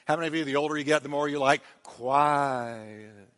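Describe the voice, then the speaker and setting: Bright-voiced preaching pastor in a reverberant hall. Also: male voice, a little high, moderate pace. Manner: dramatic preaching, dropping to a hush on quiet words; leads the congregation in call-and-response. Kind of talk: sermon.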